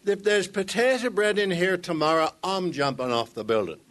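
A man's voice: high voice, moderate pace, a bit bright. An exasperated Irish builder, played by a man telling a joke, with a lilting put-on accent and a voice raised well above the teller's own. He sounds worn down and fed up. The tone is broad and comic.

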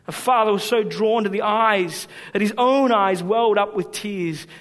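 High-voiced preacher man in echoing hall. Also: normal speed. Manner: dramatic, swings from hushed to emphatic. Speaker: pastor. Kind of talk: sermon with storytelling. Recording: long hall reverb.

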